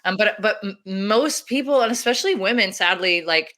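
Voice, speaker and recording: Woman doula, chatty interview guest, bright clear tone, laughs through her anecdotes. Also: medium pitch, normal speed, hardly any pauses. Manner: animated, laughs often, acts out her own quotes. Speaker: doula and activist. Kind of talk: casual interview storytelling.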